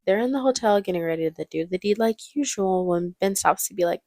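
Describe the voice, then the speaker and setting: A woman's voice: mid-range voice, brisk, darkish tone, dry recording, studio quality. A young woman giving casual, joking movie commentary, laughing often.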